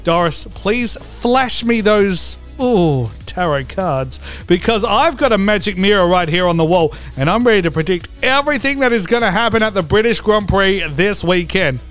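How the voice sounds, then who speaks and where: Brash, high-voiced man hosting a comedy vlog. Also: expressive, normal speed, few pauses, fairly bright tone, faint music behind. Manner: brash, profane and theatrical. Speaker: host. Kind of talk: comedic motor racing preview vlog.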